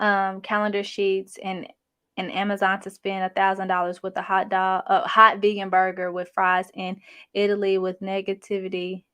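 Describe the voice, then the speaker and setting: With a mid-range, somewhat bright voice, a young adult woman reads chat comments during a casual livestream she hosts. Her delivery is chatty, sassy, and slangy.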